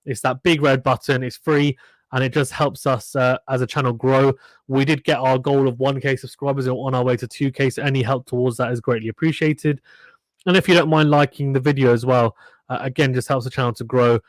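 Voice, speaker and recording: A man's voice: medium pitch, fairly even intonation, fairly quick, no echo. A man hosting a live tennis watchalong, calling points casually and reading out viewer comments from the chat. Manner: chatty, reads out viewer comments between points. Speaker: livestream host doing tennis play-by-play.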